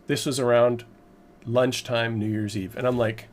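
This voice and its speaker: A man's voice: mid-range voice, steady tone, unhurried. A man vlogging, recounting a frustrating purchase in a rambling, emphatic, exasperated way. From Canada. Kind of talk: casual storytelling to camera.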